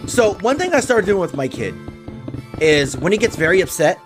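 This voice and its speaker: A man chats with his viewers during a game stream, talking about being a father in a candid, earnest way. His voice sits high for a man and swings widely in pitch, and he often restarts his sentences. Faint music plays underneath. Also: sing-song, normal speed. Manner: earnest, open, with frequent restarts and repetitions.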